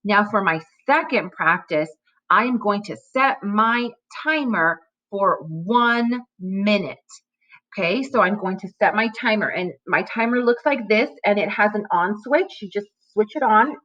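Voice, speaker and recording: A woman teacher giving a recorded phonics lesson to young children, speaking slowly and articulating every sound clearly. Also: medium pitch, lively intonation, a bit bright, highs cut off.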